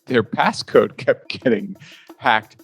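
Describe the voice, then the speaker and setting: A man's voice: mid-range voice, a bit bright, slightly rough, faint music behind. Joking male podcast co-host. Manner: joking, quick interjections. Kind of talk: casual podcast interview.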